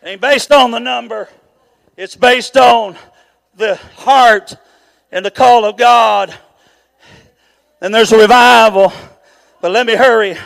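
A man in his sixties preaching a sermon, shouting rhythmic repeated questions with many "uh" fillers, out of breath. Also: very high voice, slow, creaky, long pauses, low-quality recording. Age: 60s.

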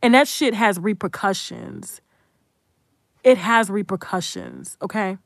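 A woman's voice: mid-range voice, big pitch swings, unhurried, a bit bright, no echo, clean studio sound. A young adult woman content creator giving a blunt, profane, emphatic commentary rant.

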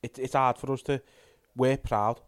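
A man with a Scouse accent chatting casually, telling stories in an unhurried, relaxed way. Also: mid-range voice, clear, resonant tone. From Liverpool. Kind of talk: casual chat.

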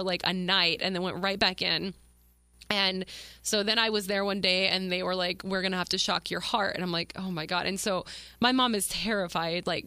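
Bright-voiced woman telling a candid story. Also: mid-range voice, dry recording. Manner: emotional, candid, swears, many fillers. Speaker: podcast host. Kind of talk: personal storytelling monologue.

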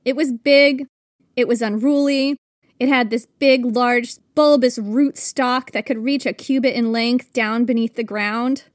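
Woman podcast co-host, high voice, dry close sound, playful storyteller. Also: steady tone, unhurried, dry recording. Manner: playful, chatty, thinks aloud. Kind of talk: casual history storytelling.

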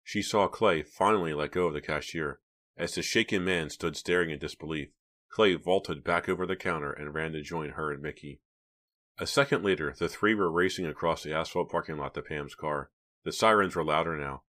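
Very deep-voiced male audiobook narrator. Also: normal speed, bright, forceful tone. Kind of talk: scripted narration.

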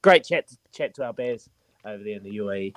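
Easygoing New Zealand radio host. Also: male voice, on the low side, animated, brisk, no echo. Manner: easygoing, matey, repeats himself. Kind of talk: casual radio chat.

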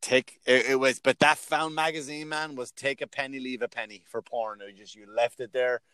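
A middle-aged man hosting a casual comedy podcast, telling animated, profane stories and acting out quotes. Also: medium pitch, fairly quick, clear, resonant tone, no echo.

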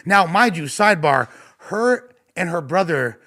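A man telling a long, profane story on a podcast, animated, with lots of fillers and restarts. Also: sits high, unhurried. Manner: animated, swears a lot, many fillers and restarts.

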